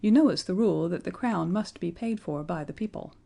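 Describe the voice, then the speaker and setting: A solemn old prime minister, grave and slow, explaining matters to a boy king in a storybook, as a woman puts him on. His delivery stays measured and mellow. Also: on the low side, gravelly.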